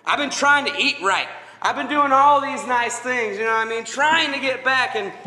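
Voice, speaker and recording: A man cutting a comic backstage wrestling promo, boastful and rambling, prone to shouting fits. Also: very high-pitched, normal speed, roomy sound, long reverb tail.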